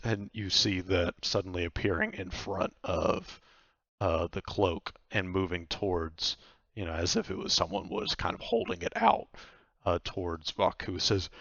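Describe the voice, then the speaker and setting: A man's voice: deep voice, big pitch swings, unhurried, vocal fry, a bit bright, dry recording, lo-fi sound. A man narrating a tabletop game as game master, in a casual, loose way.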